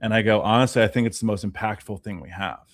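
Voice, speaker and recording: A man's voice: lowish voice, fast talker. A man in casual conversation, telling a story with swearing and quoted dialogue. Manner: animated storyteller, acts out dialogue, swears freely. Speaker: podcast guest.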